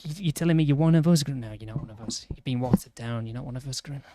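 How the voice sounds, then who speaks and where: A man with a Yorkshire accent streaming a game, rambling and indignant in casual banter, full of quick restarts. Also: mid-range voice, warm tone, slight background noise. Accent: Yorkshire English. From Yorkshire, England. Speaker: livestreamer. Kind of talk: casual gaming stream chat.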